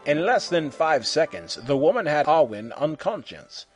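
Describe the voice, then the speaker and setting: A man reading a humorous story aloud in an animated way, slipping into silly character voices. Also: fairly high pitch, moderate pace, faint music behind. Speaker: fan fiction reader.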